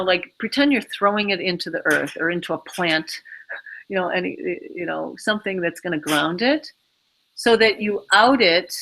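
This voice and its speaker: A woman with a bright, clear voice talks through emotional advice as an interview guest. She rambles, leans on fillers and slips into acting out her own inner voice. Her pitch sits at an ordinary middle height. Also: poor audio. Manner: rambling, filler-heavy, acts out inner dialogue. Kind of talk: casual advice talk.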